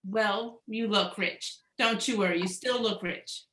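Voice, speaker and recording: A woman's voice: medium pitch, a little slow, a bit bright, reverberant. A woman hosting a live online show over a video call, bubbly and tripping over her words now and then. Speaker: host.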